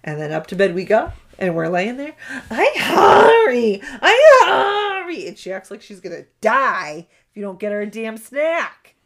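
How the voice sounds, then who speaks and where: Young woman podcast co-host, casual and candid, lively swooping voice, breaks into laughs. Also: mid-range voice, normal speed, hardly any pauses. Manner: candid, laughing, acts out her child's voice. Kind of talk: casual chat about parenting.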